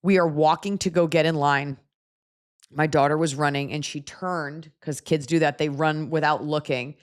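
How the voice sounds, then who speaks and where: Low-voiced woman telling a story. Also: clear, resonant tone. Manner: animated, profane, quick asides. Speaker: podcast host. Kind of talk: casual storytelling chat.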